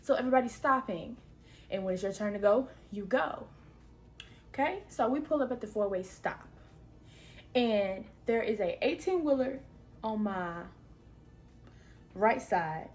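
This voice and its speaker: A young woman vlogger recounts a story to her viewers with animated, dramatic flair, full of exclamations. Her voice sits a little high. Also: measured pace, pauses often. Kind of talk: storytime narration to camera.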